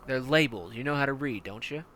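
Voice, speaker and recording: A man's voice: medium pitch, quick pace, a bit bright, lightly acted. A man playing a brutal, profane male tank commander who barks orders with contempt. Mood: menacing.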